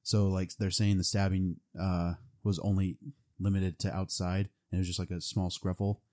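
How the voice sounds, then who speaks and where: A man's voice: low-pitched, little pitch movement, moderate pace, warm tone. A young man casually retelling a movie plot, rambling with lots of fillers. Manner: rambling, full of "like" and "um".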